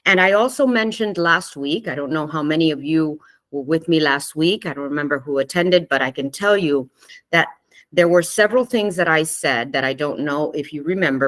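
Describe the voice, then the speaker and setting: A woman giving a spiritual talk to a live online group, gentle and conversational, often checking in with her listeners and laughing easily. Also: deep voice. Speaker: spiritual teacher hosting a live online session.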